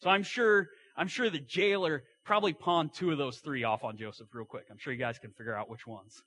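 A man's voice: fairly high pitch, fairly quick, bright, forceful tone, no room sound. A man preaching a sermon, retelling a story in a folksy way with asides and acted-out quotes.

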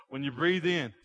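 A man's voice: mid-range voice, a bit bright, highs cut off. A man preaching a sermon to a congregation, building energy with rhetorical questions. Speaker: pastor. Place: church sanctuary.

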